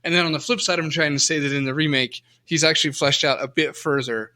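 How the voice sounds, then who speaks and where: A man's voice: a little high, steady tone, fast talker, bright, forceful tone. A man co-hosting a casual podcast chat about old games, rambling with lots of restarts and fillers. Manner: rambling, many restarts and fillers, self-mocking. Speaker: podcast co-host.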